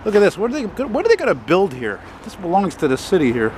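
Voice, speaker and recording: Gruff blunt man vlogging on a street. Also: high voice, wildly swooping pitch, fast talker. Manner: blunt, profane, rambling; walking while talking. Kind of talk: casual walking vlog. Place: city street outdoors. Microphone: handheld camera. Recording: outdoor traffic noise. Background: street traffic.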